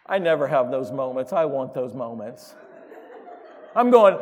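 A man preaching a sermon in a church, swinging from quiet asides to loud exclamations. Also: mid-range voice, lively intonation, moderate pace, long pauses. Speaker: pastor. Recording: reverberant hall.

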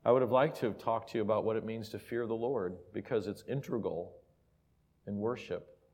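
A preacher with an emotional delivery in a reverberant hall. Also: male voice, on the low side, brisk. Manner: emotional, builds from soft asides to loud emphasis. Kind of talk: sermon with personal storytelling.

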